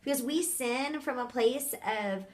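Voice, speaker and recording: Soft-spoken, affirming woman co-host. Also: high-pitched, unhurried. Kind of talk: casual faith conversation.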